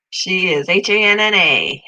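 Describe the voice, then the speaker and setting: A middle-aged woman with a mid-range voice hosts a casual live-stream chat on her channel, the audio poor. Congested and tired, she chats easily with viewers by name and softly coos over pets.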